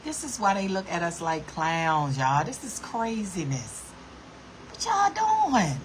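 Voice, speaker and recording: A woman's voice: medium pitch, sing-song, slow pace, a little hiss or hum. A woman vlogger ranting to her camera in a blunt, profane, scolding way. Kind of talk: casual rant to camera.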